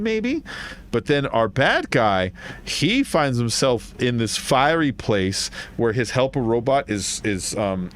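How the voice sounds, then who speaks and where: A man's voice: medium pitch, a little hiss or hum. A man streaming a game, chatting casually and telling long, rambling stories full of fillers. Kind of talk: casual chat while gaming.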